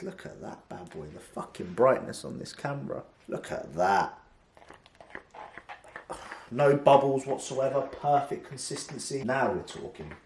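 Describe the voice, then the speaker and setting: A man's voice: mid-range voice, slight background noise. A British man chatting casually as he cooks for a fitness vlog, brash, swearing and boastful, recorded on a camera microphone. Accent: British English. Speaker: fitness vlogger. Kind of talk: casual cooking vlog chat. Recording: roomy room echo.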